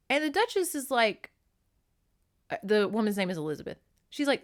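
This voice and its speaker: A woman podcast host casually recapping a novel, animated, acting out the characters in quick put-on voices and laughing often, close to a desk microphone. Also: mid-range voice.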